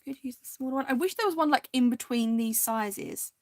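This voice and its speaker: A woman hosting a crafting video, chatting casually and indecisively to viewers, now and then dropping into soft half-whispered asides. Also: fairly high pitch, a little fast, no room sound.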